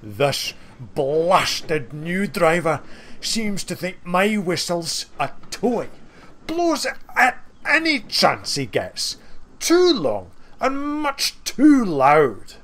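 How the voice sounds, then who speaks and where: A cranky, snappish goods engine from a storybook, voiced by a male reader. He complains in a raised, pitched-up, exasperated voice. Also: very animated, extremely slow, a bit bright, slight background noise, heavily acted. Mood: irritated.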